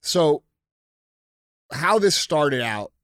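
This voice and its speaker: A middle-aged man hosts a podcast and talks in a fired-up, profane rant. His voice sits high for a man. The sound is close and dry, with no room echo. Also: big pitch swings, drawn-out words, fairly bright tone. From United States. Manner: blunt, profane, heated ranting. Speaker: podcast host. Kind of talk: casual podcast talk.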